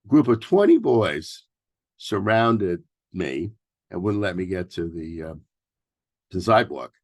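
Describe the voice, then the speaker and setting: A man in his sixties from New York City giving a relaxed workshop talk as a therapist, mixing advice with personal stories and often pausing on fillers and restarts. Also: low voice, no echo, studio quality. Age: 60s. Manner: loose and conversational, with many fillers and restarts. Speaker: workshop presenter, family therapist.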